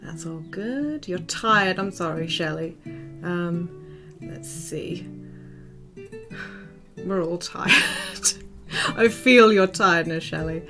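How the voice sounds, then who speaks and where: A young woman with a lowish voice talks loosely to her stream chat, filling pauses with ums and little laughs. Quiet guitar music plays underneath her. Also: expressive. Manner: rambling, frequent ums, soft laughs, talks to chat by name. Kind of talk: casual livestream chat. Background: soft guitar music.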